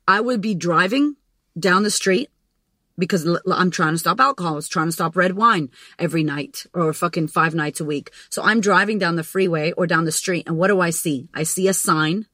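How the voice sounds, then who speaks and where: A woman's voice: fairly low pitch, moderate pace, sharp tone, dry recording, low-quality recording. A woman hosting a podcast, talking bluntly and emphatically in a casual monologue, swearing often and acting out her inner voices. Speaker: podcast host.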